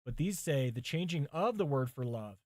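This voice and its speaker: A man's voice: medium pitch, expressive, moderate pace, a little mellow, no echo. A male pastor preparing a sermon on a livestream, reading commentaries aloud, thinking aloud and chatting with viewers, with his mic set some way from him. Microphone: mic set far from him.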